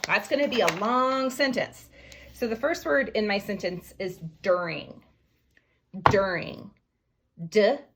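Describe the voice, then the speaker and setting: A woman teacher giving a phonics writing lesson to young children, slowly sounding out each word letter by letter. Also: mid-range voice, animated, background noise. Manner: slow, sounding out words letter by letter.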